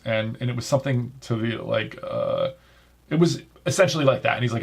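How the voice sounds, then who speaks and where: A man's voice: mid-range voice, brisk, creaky, breathy edge. A man hosting a podcast in casual chat, rambling with lots of fillers and restarts. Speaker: podcast host.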